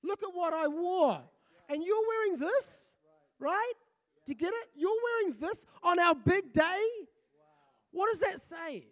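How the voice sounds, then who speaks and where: A man's voice: extremely high pitch, animated, unhurried, fairly bright tone, pitched above the performer's own voice, exaggerated voice. A man voicing an exasperated young bride who scolds the groom in an indignant, incredulous way. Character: exasperated young bride on her wedding day.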